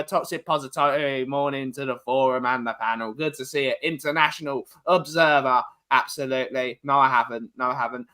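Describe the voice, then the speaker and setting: A man's voice: on the high side, sharp tone. A young man hosting a casual football chat show, greeting viewers one by one by name with friendly banter. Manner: reads out viewer names with running banter. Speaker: host.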